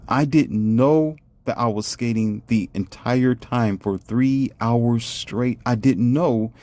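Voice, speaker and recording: A man telling a casual, animated and boastful story with many rhetorical questions. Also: on the low side. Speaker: vlogger. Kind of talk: casual monologue.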